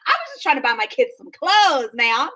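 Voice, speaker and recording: A woman in her thirties with a high, bright voice co-hosts a casual chat. She tells her story in an animated, sassy way and acts out each person's lines. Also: normal speed. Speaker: podcast co-host.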